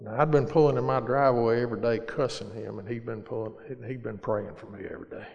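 A man's voice: medium pitch, fairly even intonation, fast talker, creaky, darkish tone, muffled recording. Earnest man telling his story in a hall. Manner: earnest, plain-spoken, with repeated restarts. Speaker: speaker sharing his recovery story. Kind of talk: personal storytelling talk. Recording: long reverb of a large hall.

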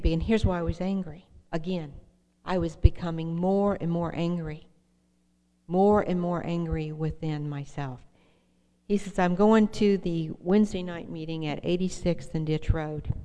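Sharing her own recovery as testimony, a middle-aged woman speaks in a somewhat low, warm voice. She is earnest and direct, frequently turning questions toward the audience, and her words ring with a hall's long reverb.

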